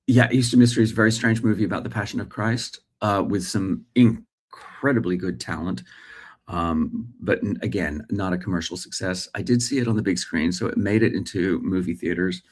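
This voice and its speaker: A man's voice: fairly low pitch, normal speed. A man in his forties from Australia, speaking American with Australian traces, chatting live as host and reading viewer comments with many fillers.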